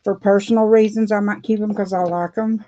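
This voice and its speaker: A woman's voice: medium pitch, fairly even intonation, brisk, mellow, slight background noise. A middle-aged woman, chatting casually and rambling with frequent laughs while doing her nails for a vlog. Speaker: beauty vlogger. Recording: dull dry lo-fi sound.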